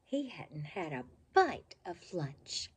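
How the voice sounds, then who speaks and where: An older woman reading a picture book aloud as a storyteller, in an expressive, slow and animated way. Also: fairly low pitch, husky.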